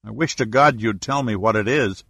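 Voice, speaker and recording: A man's voice: lowish voice, brisk, gravelly, fairly bright tone, no room sound. A man doing a grumbling hospital patient. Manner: grumbling, sarcastic. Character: irritable male patient in hospital bed.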